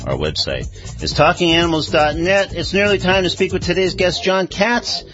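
Brief: male radio host, animated intonation, slightly muffled broadcast sound, faint music underneath. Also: high voice. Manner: conversational, with frequent "uh" pauses. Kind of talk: radio news and chat.

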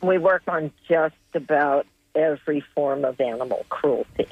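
A woman, an animal welfare activist, speaking as a radio guest in a measured way, with pauses and fillers. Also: sits low, breathy edge, no room sound. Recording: dry, dull lo-fi line.

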